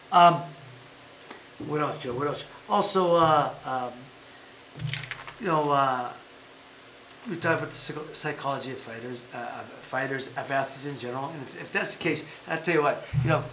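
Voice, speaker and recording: A man hosting a casual chat show, talking in an animated, emphatic way and repeating his points. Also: mid-range voice, reverberant, noisy background. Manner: talks about having been a fighter. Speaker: podcast host.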